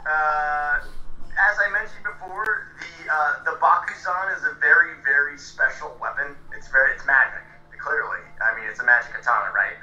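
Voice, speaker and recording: A man's voice: fairly high pitch, steady tone, moderate pace, hardly any pauses, bright, forceful tone, slight background noise. A man playing a tabletop game, explaining his move at length with fillers, heard from a distance in an echoey room with a dull sound. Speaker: player. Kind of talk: casual tabletop game play. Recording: dull, echoey, far from the mic.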